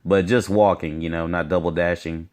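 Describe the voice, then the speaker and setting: Deep-voiced man rambling about games. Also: fairly even intonation, moderate pace, a little mellow. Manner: rambling, hesitant, many fillers and restarts. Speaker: gaming vlogger. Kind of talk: casual solo commentary.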